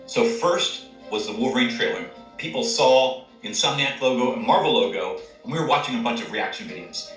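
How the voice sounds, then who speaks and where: A man's voice: mid-range voice, animated, a little fast, a bit bright, soft background music. Enthusiastic man, echoey and distant. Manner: enthusiastic, promotional. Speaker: guest, game company executive. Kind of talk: interview answers.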